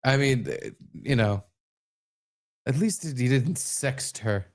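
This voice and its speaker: A man's voice: mid-range voice, expressive, takes it slowly. A man co-hosting a podcast, chatting casually and joking crudely while reading messages aloud in mocking voices. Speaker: podcast co-host.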